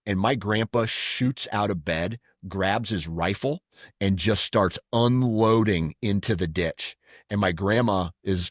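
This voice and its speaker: A man's voice: fairly low pitch, measured pace, no room sound, studio quality. A middle-aged man co-hosting a podcast, telling stories in casual chat with many restarts. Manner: rambling storyteller with restarts. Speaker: podcast co-host.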